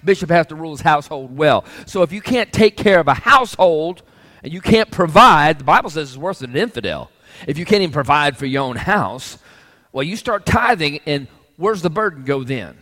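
Guy preaching a sermon, kinda high voice, keeps asking the crowd questions, echo hangs in the big church. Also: animated, fairly quick, sharp tone. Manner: preaching with rhetorical questions to the congregation. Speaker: pastor.

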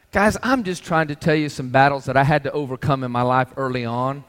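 A man's voice: mid-range voice, a little fast, few pauses, a bit bright, clean tone, in a large hall. A male pastor preaching a sermon, pressing the congregation with rhetorical questions.

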